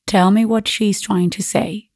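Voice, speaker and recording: A woman voicing a testy, deaf old grandfather in a storybook reading, loud and gruff. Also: medium pitch, steady tone, a little slow, dry recording, studio quality, close to an everyday voice.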